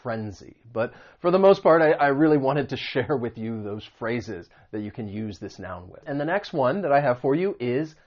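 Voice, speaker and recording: A man's voice: medium pitch, very animated, normal speed, few pauses, highs cut off. A man teaching English vocabulary, explaining meanings and pronunciation patiently with spoken examples. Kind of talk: vocabulary lesson.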